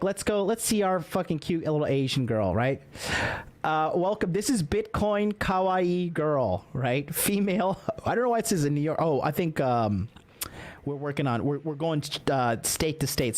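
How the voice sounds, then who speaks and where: Young man, brash podcast host, casual profane chatter, joking, slightly high voice. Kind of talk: casual live-stream chat.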